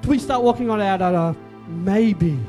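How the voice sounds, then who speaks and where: A man's voice: high voice, moderate pace, a little mellow, soft background music. A man preaching a sermon as pastor, emphatic and repetitive, with joking asides.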